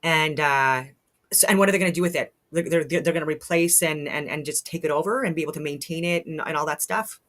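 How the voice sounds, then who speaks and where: A woman's voice: low voice, fast, fairly bright tone. A woman vlogs from home in a blunt, fired-up voice. She swears freely and rambles, often stopping to restart a thought. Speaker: vlogger. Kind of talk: casual commentary to camera. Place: at home in a log house.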